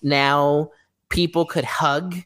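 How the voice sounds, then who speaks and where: A woman's voice: low voice, steady tone, takes it slowly, fairly bright tone. A woman co-hosting a casual podcast, ranting bluntly and swearing freely. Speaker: podcast co-host. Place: Florida.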